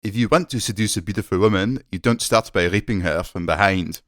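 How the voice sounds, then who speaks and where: A man puts on a French-accented male executive, sly and unhurried. The voice sits very low and deep. It is recorded dry and close, with no room sound. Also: a bit bright, dry recording, lightly acted. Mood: mock-suave. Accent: French (put on). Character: man putting on a French accent to read a male French CEO's quote.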